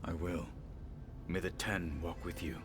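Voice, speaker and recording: A man's voice: low-pitched, steady tone, measured pace. An actor playing a stern, grave male tribal warrior in a video game, speaking in a formal, solemn, clipped way. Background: game music.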